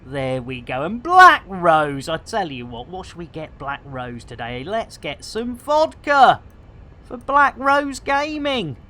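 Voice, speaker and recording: A woman streaming live, chatting casually in a bubbly, jokey way, with bursts of shouting and laughter. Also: lowish voice, very animated, slow pace.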